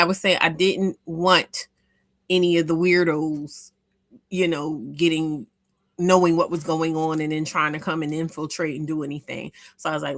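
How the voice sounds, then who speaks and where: Woman host, lowish voice, loose heartfelt live-room chat, dry close sound. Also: a bit bright, no echo. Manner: rambling, heartfelt, many restarts and fillers. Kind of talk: informal live chat with listeners.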